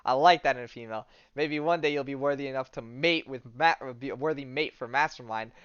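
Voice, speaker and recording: A man's voice: mid-range voice, fast talker, fairly bright tone, clear, resonant tone, dry recording, muffled recording, close to an everyday voice. A man voicing a smug, lecherous male villain while retelling a comic on a podcast. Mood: leering.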